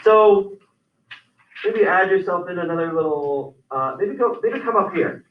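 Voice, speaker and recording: High-voiced man teaching algebra in a classroom. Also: lively intonation, a little slow, a little hiss or hum. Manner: explains step by step, with many restarts. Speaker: math teacher. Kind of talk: classroom lecture. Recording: roomy, distant, dull lo-fi sound.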